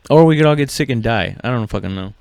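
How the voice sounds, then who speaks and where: A man's voice: medium pitch, creaky, a little mellow, no room sound. A man hosting a comedy podcast, rambling and swearing casually with lots of fillers and laughs. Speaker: podcast host.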